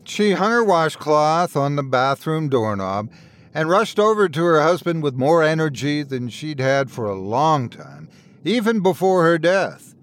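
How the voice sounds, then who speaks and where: A man narrating a scripted horror story with a dramatic, expressive delivery. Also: on the high side, measured pace.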